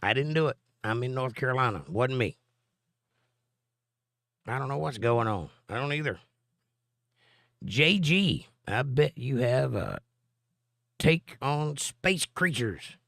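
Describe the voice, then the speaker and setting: A man's voice: medium pitch, animated, takes it slowly, vocal fry, pauses often, a bit bright, dry recording, clean studio sound. A middle-aged man, hosting a live stream and reading viewer comments aloud with a joking, chatty manner. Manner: joking, chatty, answers chat directly.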